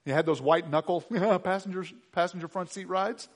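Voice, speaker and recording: A middle-aged man preaching a sermon, moving from quiet asides to loud, emphatic exhortation. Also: sits high, moderate pace, big-room sound. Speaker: pastor.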